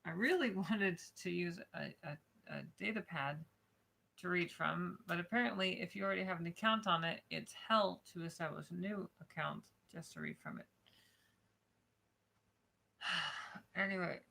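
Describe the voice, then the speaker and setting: A woman's voice: fairly low pitch, moderate pace, creaky, long pauses, pushed and bright. A woman streaming live, grumbling in frustration and swearing in casual chat before reading a book aloud.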